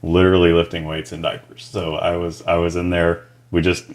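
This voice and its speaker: A man from Texas talking as a guest in a podcast interview, easygoing and agreeable. His voice is very deep. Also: completely flat delivery, fairly quick. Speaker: guest, company founder.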